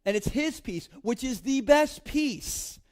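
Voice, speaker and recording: Guy preaching on a church stage, talks casual and funny, says like a lot, kinda high voice. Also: expressive, slow, darkish tone. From Delaware, United States. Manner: chatty, peppers speech with "like", playful asides. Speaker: pastor. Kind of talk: casual joking sermon. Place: church stage before a congregation.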